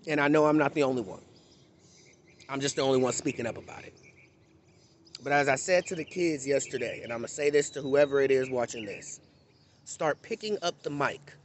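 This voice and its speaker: A man's voice: medium pitch, fairly even intonation, fairly quick, long pauses, a little hiss or hum. A man giving an unscripted, blunt and impassioned monologue to camera in a candid, conversational tone. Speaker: vlogger.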